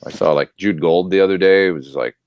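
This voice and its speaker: Very deep, dry-sounding man chatting casually. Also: fast, dry recording, highs cut off. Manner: relaxed, rambling with many fillers. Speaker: guest guitarist. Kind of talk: casual chat.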